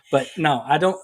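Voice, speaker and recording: A man co-hosting a podcast in casual comedic chat, rambling and self-mocking and laughing often. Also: a little high. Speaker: podcast co-host. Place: podcast recording.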